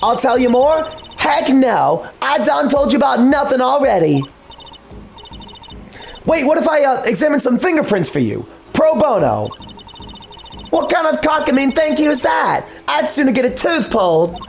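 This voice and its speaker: A man's voice: extremely high pitch, very animated, normal speed, vocal fry, a little hiss or hum, voice pushed up, heavily acted. A man voicing a hot-tempered young southern woman who snaps back indignantly in a put-on Southern drawl. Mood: defiant. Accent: put-on American Southern. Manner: snapping, indignant, folksy.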